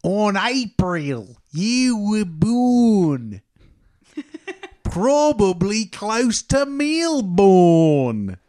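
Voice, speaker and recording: A man voicing a boisterous Australian man who tells bungled limericks in a slow, exaggerated drawl. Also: high-pitched, very animated, dark tone, full character voice. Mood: boastful.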